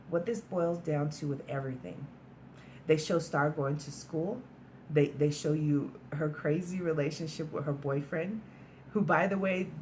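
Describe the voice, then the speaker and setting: A woman's voice: sits low, darkish tone, a little hiss or hum. A woman casually recapping a film's plot in a chatty, storytelling way, sprinkled with "like" and mild swearing. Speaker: movie reviewer.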